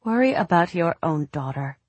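A woman's voice: lowish voice, animated, normal speed, a little mellow, breathy edge, no echo. A woman voicing a tired, tense mother in an audiobook, speaking in clipped lines.

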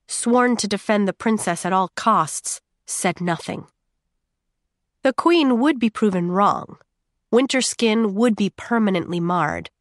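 A woman narrates a dramatic audiobook with a steady, measured delivery and long pauses. Her pitch sits in the middle range. The sound is dry and close, with no room echo.

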